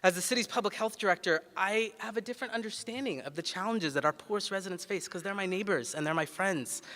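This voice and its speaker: Bright-voiced man speaking in an echoey hall. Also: sits high. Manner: conversational and humorous, frequent "uh" fillers. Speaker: city public health director and pediatrician giving a ceremony address. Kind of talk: ceremony speech with personal storytelling. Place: large ceremony hall.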